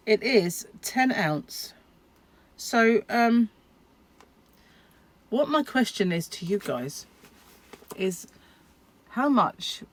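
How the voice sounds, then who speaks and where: Middle-aged British woman, crochet vlogger; rambling, self-mocking chat in a somewhat low voice. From United Kingdom. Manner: chatty and rambling, self-deprecating, laughs often. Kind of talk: casual chat to camera.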